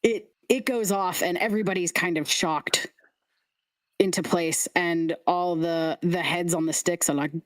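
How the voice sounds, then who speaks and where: A woman's voice: on the low side, fairly even intonation, unhurried. A woman narrating as game master, playful and theatrical.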